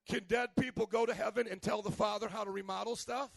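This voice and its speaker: A male pastor preaching a sermon, asking the congregation questions and building up to shouts. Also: sits high, fairly even intonation, fast, vocal fry, hardly any pauses, no room sound. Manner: preachy call-and-response questions, rising to shouts.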